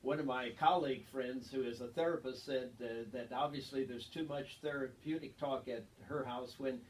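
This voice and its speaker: Calm male radio co-host, off-mic. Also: medium pitch, moderate pace, far from the mic, slight background noise, low-quality recording. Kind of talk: casual radio chat.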